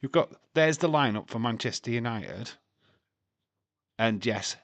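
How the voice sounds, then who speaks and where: A man's voice: medium pitch, lively intonation, a little slow, long pauses, fairly bright tone, no room sound, muffled recording. Chatty swearing man hosting a watch-along. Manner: chatty, swears freely, laughs often, reads scores aloud. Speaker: live stream host. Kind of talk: casual live watch-along commentary.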